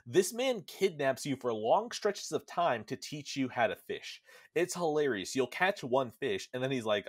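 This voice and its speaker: A young man hosting a podcast in casual chat, animated and swearing freely as he acts out characters. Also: mid-range voice, unhurried. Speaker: podcast host. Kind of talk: casual chat recapping a game.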